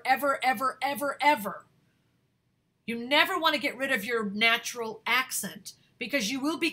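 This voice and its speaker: A woman talent manager giving career advice to actors, energetic and emphatic, repeating words for stress and searching for words with fillers. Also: a little high. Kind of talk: advice talk to camera.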